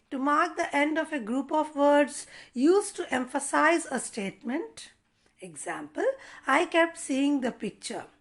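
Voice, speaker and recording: A woman teacher runs an online class for schoolchildren. Her voice sits high and bright. She takes her time, spelling out every point slowly and carefully. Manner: slow, deliberate explaining to children.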